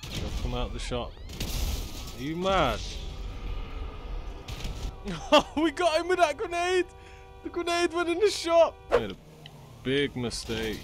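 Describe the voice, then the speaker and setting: A man speaking in commentates on his gameplay, his pitch leaping wildly between a low drawl and sudden shouts. He curses at other players and delivers his lines at an unhurried pace. Game music plays clearly beneath his voice throughout. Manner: excitable, yelling and cursing at other players. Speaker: gaming YouTuber. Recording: game music playing underneath.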